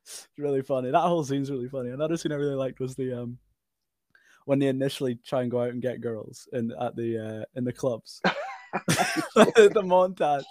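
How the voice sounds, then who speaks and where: Halting, chatty male podcast co-host. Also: mid-range voice, fairly even intonation, warm tone, no echo, studio quality. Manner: halting, many restarts and fillers, laughs often. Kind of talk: casual film discussion.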